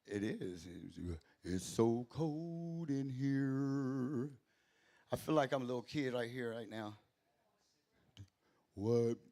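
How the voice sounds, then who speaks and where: Gravelly, profane man at an open mic. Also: medium pitch, lively intonation, slow pace, mellow. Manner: rambling, profane, self-interrupting. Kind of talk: stand-up comedy. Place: small club stage.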